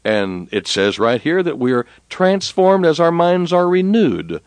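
A man preaching a sermon, rising and slowing down when he quotes scripture. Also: sing-song, dry recording. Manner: rises in pitch and slows down when quoting scripture.

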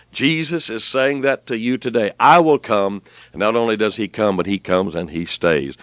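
A man's voice: lowish voice, moderate pace, no room sound. A middle-aged man preaching a sermon on the radio, emphatic and repeating phrases for stress.

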